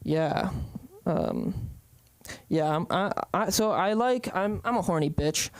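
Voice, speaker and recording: A young man rambles through an open-mic stand-up set, full of ums and restarts. His voice is smooth and clear, recorded close and dry, with no room sound. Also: high voice, expressive, slow pace, dry recording. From San Francisco Bay Area. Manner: rambling, hesitant, lots of ums. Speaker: stand-up comedian.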